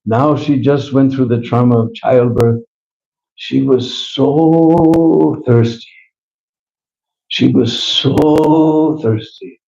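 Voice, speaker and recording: A man's voice: mid-range voice, dark tone. A man telling a devotional story in a chatty way, adding chuckles and questioning "hmm?" asides, in a roomy, slightly dull live recording. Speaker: devotional speaker.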